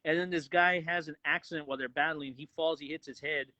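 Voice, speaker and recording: A man co-hosts a casual movie review chat, fired up and profane, sometimes acting out lines from the films. His voice sits a little high and sounds bright and forceful. The recording is dry, with no room sound. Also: fast talker, dry recording, muffled recording. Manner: excited, profane, acts out quotes. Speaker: podcast co-host, movie reviewer.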